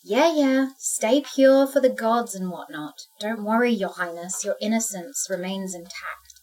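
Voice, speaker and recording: A woman's voice: mid-range voice, measured pace, darkish tone, lightly acted. A woman voicing a mocking character who taunts with dismissive sarcasm, heard on a distant mic with faint music. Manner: sneering, dismissive.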